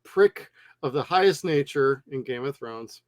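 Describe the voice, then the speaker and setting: A man co-hosting a movie review show, talking casually and bluntly with lots of swearing and animated retellings. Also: medium pitch, a little slow, dry recording. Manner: blunt, profane, animated storytelling. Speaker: movie review podcast co-host.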